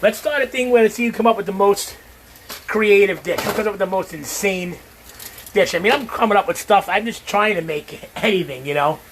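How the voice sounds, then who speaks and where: A man's voice: high voice, a little fast, a bit bright, a little hiss or hum. A middle-aged man, chatting casually and profanely to viewers while he cooks in his home kitchen. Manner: brash, profane, talks straight to viewers. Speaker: home cook. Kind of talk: casual cooking livestream chat.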